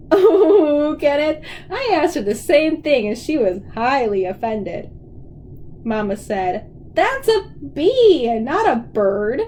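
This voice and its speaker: A woman reads a novel aloud in a high voice with a wide, lively pitch range. She leans into the emphasis and gives each character's line its own turn. A faint hiss of background noise runs under her voice. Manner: expressive, shifts pitch for emphasis. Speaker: audiobook reader.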